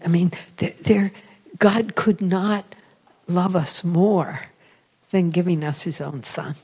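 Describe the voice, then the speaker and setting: Slow, storytelling woman preacher. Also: on the low side, steady tone, slightly rough. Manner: storytelling, confiding, drops to soft whispers for emphasis; self-deprecating, laughs at herself. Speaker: religious speaker with a radio program. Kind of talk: sermon-style testimony.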